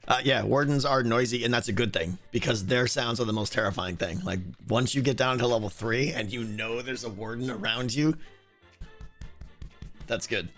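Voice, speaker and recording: A man streaming a game, chatting casually with viewers and thinking aloud, with a hoarse voice and many restarts. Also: medium pitch, brisk, few pauses, fairly bright tone, soft background music. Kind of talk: casual livestream chat answering viewers.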